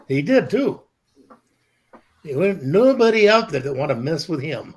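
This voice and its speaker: A man's voice: a little high, big pitch swings, measured pace. A man co-hosting a podcast, teasingly telling stories about his friend in casual chat. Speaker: podcast co-host.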